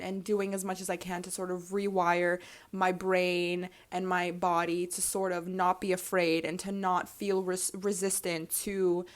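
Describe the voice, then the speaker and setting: A young adult woman in a casual, reflective vlog monologue, earnest and emphatic, who swears freely and becomes tearful. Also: on the low side. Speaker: vlogger.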